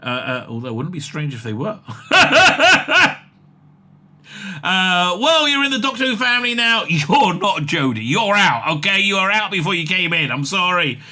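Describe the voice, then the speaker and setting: Bright, jokey man rambling excitedly. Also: high-pitched, moderate pace. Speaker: commentator reading an interview. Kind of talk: casual comic commentary.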